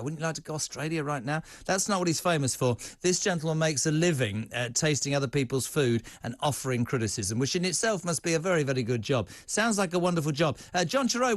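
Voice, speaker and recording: Animated fast-talking older presenter. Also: male voice, a little high, no echo. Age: 60s. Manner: excitable, jokey, rapid-fire banter. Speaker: radio and TV presenter. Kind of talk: lively talk radio presenting. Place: radio studio.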